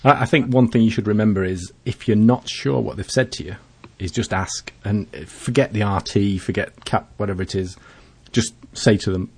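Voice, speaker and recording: A plain-spoken man in casual chat about flying, calling himself a rough-edged sort of chap. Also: fairly low pitch, moderate pace, few pauses, darkish tone. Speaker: podcast co-host, private pilot.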